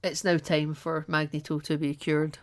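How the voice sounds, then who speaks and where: A man's voice: a little high, flat delivery, moderate pace. A man co-hosting a casual movie-review podcast, chatty and laughing often, acting out characters' lines as he talks. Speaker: podcast co-host.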